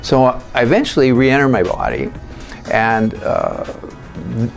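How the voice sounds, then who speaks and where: A man tells his stories in a loose, rambling way and fills his pauses with plenty of fillers. His voice sits at a middling pitch for a man. A faint bed of music plays quietly behind him. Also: wildly swooping pitch, creaky. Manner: rambling, anecdotal, many fillers. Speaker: party psychic. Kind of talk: storytelling interview answers.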